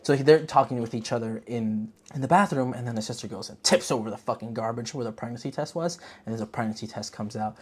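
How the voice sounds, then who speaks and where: A podcast host chatting casually about a movie, slangy and rambling, telling the story in an animated way. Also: medium pitch, quick pace, few pauses, husky. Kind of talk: casual movie review chat.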